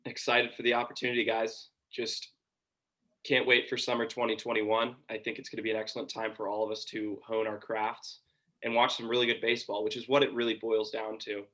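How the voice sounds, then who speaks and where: A man's voice: fairly low pitch, little pitch movement, fairly quick, sharp tone, poor audio. A young man from Georgia, a college sports broadcaster, answering interview questions thoughtfully with frequent ums. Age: young adult. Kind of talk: casual interview.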